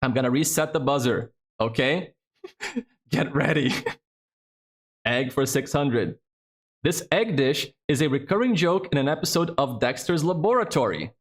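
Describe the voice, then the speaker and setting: A man's voice: a little high, animated, a little slow. A man hosting a trivia game on a live stream, chatty and casual, swearing freely as he thinks aloud.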